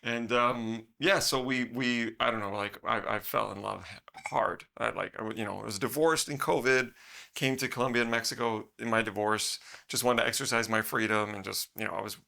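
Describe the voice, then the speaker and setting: Gravelly, bright-voiced man rambling. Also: lowish voice, brisk. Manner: rambling, laughs often, animated when quoting. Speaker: podcast guest. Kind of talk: casual storytelling.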